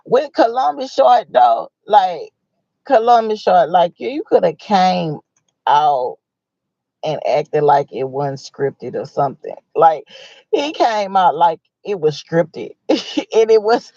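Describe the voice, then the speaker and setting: A livestream host talking in a slow, unhurried way, animated and exclamatory, breaking into laughter as they retell what others said. The voice is mid-pitched and sits dry and close, with a slightly dull, lo-fi sound. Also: creaky, no room sound. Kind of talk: casual livestream commentary.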